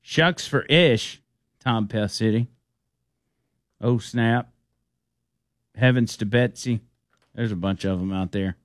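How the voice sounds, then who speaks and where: A man hosting a talk radio show, reading out listener texts at an unhurried, drawn-out pace. His voice is dry and close to the mic, with frequent amused chuckles. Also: fairly low pitch, fairly even intonation, no room sound. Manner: amused, laughing often, reads texts aloud slowly.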